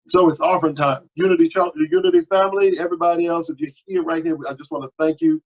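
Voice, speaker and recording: Pastor, male, lively high-pitched voice, husky, dull lo-fi home recording. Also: moderate pace. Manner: animated and exhortative, with sudden high exclamations. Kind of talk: sermon.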